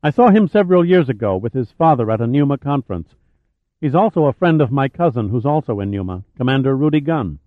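A man's voice: medium pitch, sing-song, fast talker, no echo, lightly acted. A man voicing an earnest male naval aide who explains things plainly in an audiobook reading. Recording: tinny phone-like audio.

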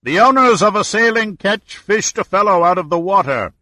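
A man voicing a male yacht skipper who shouts news across the water. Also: high voice, animated, normal speed, no echo, voice pushed up. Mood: excited.

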